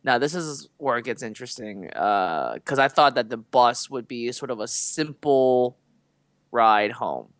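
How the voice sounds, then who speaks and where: A man's voice: mid-range voice, animated, unhurried, a bit bright, no echo. A man co-hosting a podcast, telling a rambling, casual story full of fillers and asides. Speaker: podcast co-host.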